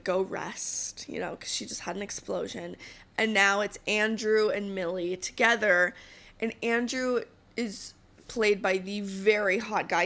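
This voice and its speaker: A woman hosts a podcast and recaps a TV show in a chatty, gossipy way. She talks at a mid pitch, leaning on fillers as she goes. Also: vocal fry, fairly bright tone. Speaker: podcast host.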